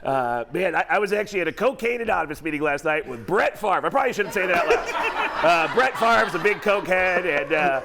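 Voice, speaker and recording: A man doing a comic impression of a male celebrity on sports radio, loud and rambling with lots of fillers. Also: high voice, animated, fairly quick, gravelly, pitched above the performer's own voice, full character voice. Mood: gossipy.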